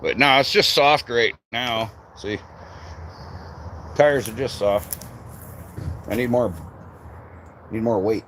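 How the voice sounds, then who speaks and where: A man's voice: mid-range voice, slow pace, pauses often, a bit bright, slight background noise. A man from Michigan who runs a tree business, chatting casually and swearing freely on a live stream from an outdoor work site. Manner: swears freely, loose rambling talk.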